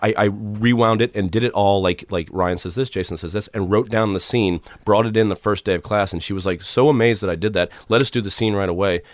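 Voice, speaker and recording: Fast-talking low-voiced man from Kansas City. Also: no room sound. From Kansas City, USA. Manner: rambling, self-interrupting, loose and jokey. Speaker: guest. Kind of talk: casual conversation. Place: garage studio.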